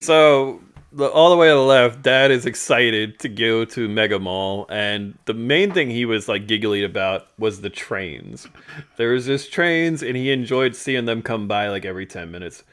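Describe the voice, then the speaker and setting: A man's voice: medium pitch, lively intonation, moderate pace, fairly bright tone, clean tone. An American man telling a travel story to his co-host in casual chat, laughing often and acting out his dad's complaints. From United States.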